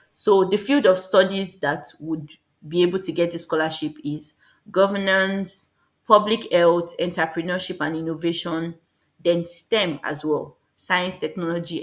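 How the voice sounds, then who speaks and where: Woman explaining quickly with many restarts. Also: lowish voice. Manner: fast, repetitive, self-correcting. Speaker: scholarship guide vlogger. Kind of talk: casual explainer talk.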